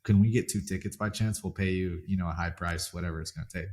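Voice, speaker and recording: A man hosts a podcast in a casual, chatty way. His voice sits on the low side, and he wanders through his anecdotes with loose, rambling phrasing. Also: fairly even intonation, fast talker, a little mellow. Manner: rambling anecdotes, lots of fillers and restarts. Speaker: podcast host. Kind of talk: casual chat.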